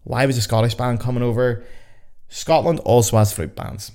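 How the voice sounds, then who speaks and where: This is a man at a moderate pace, his mid-range voice mellow. He's a young Northern Irish podcast host with a Belfast accent, keeping his casual educational show chatty, full of jokes and free swearing, recorded on a podcast mic.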